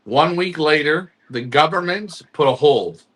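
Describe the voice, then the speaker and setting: Bright-voiced man explaining patiently. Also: fairly high pitch, animated, measured pace. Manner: patient, explanatory, with rhetorical questions. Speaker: co-host of a pigeon auction club show. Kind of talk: casual live-stream chat to club members.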